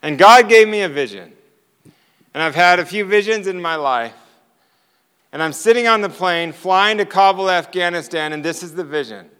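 A man telling a personal testimony as a sermon, animated and storytelling. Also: high-pitched, normal speed, clear, resonant tone, in a large hall. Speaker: preacher.

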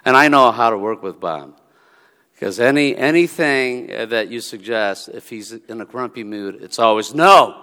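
A man preaching a sermon in a relaxed, storytelling way, acting out the dialogue of the people in his stories. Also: medium pitch, unhurried, smooth. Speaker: pastor. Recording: long reverb of a large hall.

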